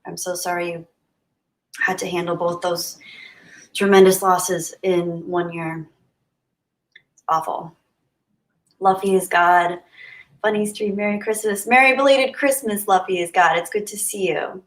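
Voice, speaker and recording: A woman hosts a casual livestream, chatting and answering her viewers' comments as they come in. Her voice sits on the lower side for a woman. The recording has a roomy, echoing sound. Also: fairly even intonation, a little slow, long pauses. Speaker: livestream host. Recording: roomy echo.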